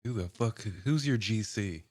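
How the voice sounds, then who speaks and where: A laid-back man co-hosting a podcast, speaking in a low, deep voice. He keeps his replies short and loose in casual banter. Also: lively intonation, normal speed, a little mellow. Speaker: podcast co-host. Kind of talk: casual chat.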